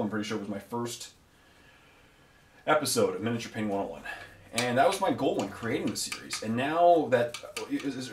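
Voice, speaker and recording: A man's voice: medium pitch, darkish tone, reverberant, a little hiss or hum. A man hosting a miniature painting video, talking casually while he paints and rambling with many fillers and self-corrections.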